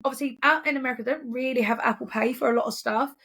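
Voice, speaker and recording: An English woman telling a story in casual podcast chat, swearing freely and quick to act out what people said. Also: sits high, husky. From England. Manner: chatty, swearing, animated impressions in quotes. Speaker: podcast co-host.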